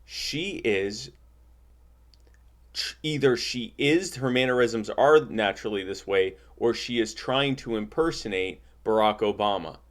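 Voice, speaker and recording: A man's voice: on the low side, unhurried. Sarcastic male podcast co-host. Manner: riffing, sarcastic, does mocking impressions. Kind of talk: casual political banter.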